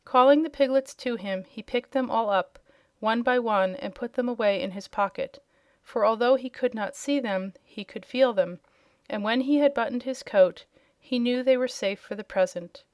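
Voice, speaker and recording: A woman narrating a storybook in a clear, even read-aloud manner. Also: fairly high pitch, normal speed, no echo. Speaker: audiobook reader.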